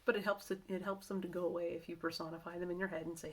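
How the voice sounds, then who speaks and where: Speaking very fast in a lowish voice with little pitch movement, a middle-aged woman vlogs about working from home. She chats to the camera casually, rambling, correcting herself and restarting often, with plenty of asides.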